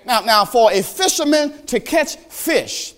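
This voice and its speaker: A male pastor preaching a sermon, animated, asking the congregation questions directly. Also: very high-pitched, takes it slowly.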